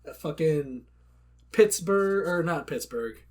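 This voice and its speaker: This man co-hosts a casual gaming podcast. His voice sits a little high for a man. He rambles, swears freely and keeps throwing in crude jokes. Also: expressive, takes it slowly, darkish tone. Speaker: podcast co-host. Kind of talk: casual chat.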